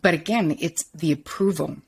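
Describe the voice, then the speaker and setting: A woman's voice: deep voice, husky. A woman hosting an interview, a therapist who reflects on her guest's points and tells her own stories. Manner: agreeing, reflective, quick asides. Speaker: podcast host and therapist. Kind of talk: conversational interview.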